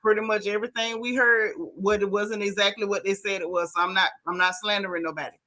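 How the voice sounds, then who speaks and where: A fast-talking woman with a medium-pitched voice hosts a gossip stream and reads comments aloud in a casual, animated way, speaking right to her chat with words like "y'all," "baby," and "honey."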